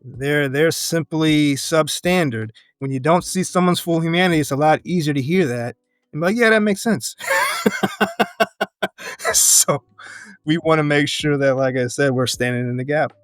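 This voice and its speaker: A man talking in an interview as an educator and activist, earnest and reflective, building his points in measured phrases and laughing often. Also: on the high side, dry recording, studio quality, faint music behind. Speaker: podcast guest, educator and activist.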